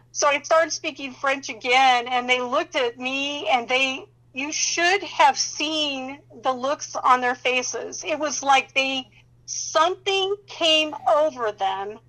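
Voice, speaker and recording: A fairly high-voiced woman tells her faith testimonies with lively emphasis. She laughs often between phrases and keeps turning to the listener with quick check-ins. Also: rough recording. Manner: animated, emphatic, laughs often while talking; addresses listener directly with "okay?" and "you know".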